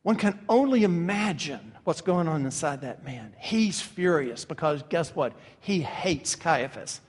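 High-voiced preacher in an echoing hall. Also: male voice, animated, unhurried, darkish tone, slightly rough. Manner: impassioned, emphatic preaching with vivid detail. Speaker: pastor. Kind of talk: sermon.

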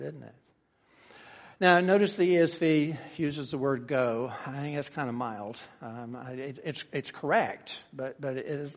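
A male pastor with a slightly high voice gives a sermon in a church, with long reverb trailing his words. He shifts from calm explaining to loud, driving emphasis. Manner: builds from quiet teaching to loud emphatic preaching. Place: church sanctuary.

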